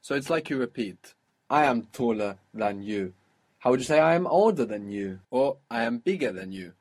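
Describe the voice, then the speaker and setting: A man's voice: medium pitch, lively intonation, moderate pace. A man teaching a spoken Arabic lesson, explaining patiently and prompting his student with questions.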